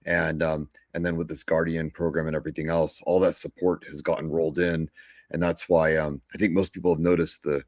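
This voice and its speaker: A man with a very low voice chats as a guest on a livestream, relaxed and a little halting with repeats. His voice comes through a video-call mic with a dry, close sound and no room echo. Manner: relaxed, hesitant, fillers and repeats. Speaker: guest, company executive. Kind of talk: casual interview chat.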